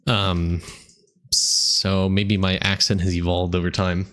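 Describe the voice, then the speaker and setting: Young american guy rambling while he plays, kinda low voice, stops and restarts a lot. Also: flat delivery, a bit bright. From United States. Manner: rambling, halting, thinking aloud. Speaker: game streamer. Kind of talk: casual gameplay commentary.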